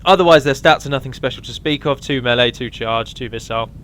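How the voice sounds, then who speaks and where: A man's voice: medium pitch, fast talker, fairly bright tone, a little hiss or hum. A man giving a casual, rambling walkthrough of a strategy game mod, with frequent ums and restarts.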